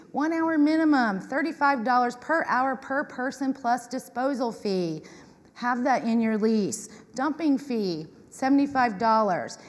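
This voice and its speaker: Woman, conference speaker, animated, acts out quoted voices, slightly high pitch, long hall reverb. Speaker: conference speaker on property management. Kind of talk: lively talk to an audience.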